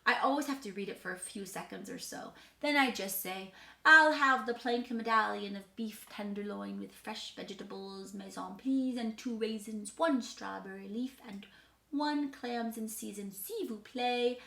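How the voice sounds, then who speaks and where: A woman's voice: on the high side, a little slow, creaky, sharp tone, full character voice. Eloise, a boastful girl , as a woman puts her on. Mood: playful. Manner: chatty, boastful, matter-of-fact child monologue. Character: precocious mischievous six-year-old girl living in a hotel. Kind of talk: dramatic reading of a storybook character. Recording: roomy echo.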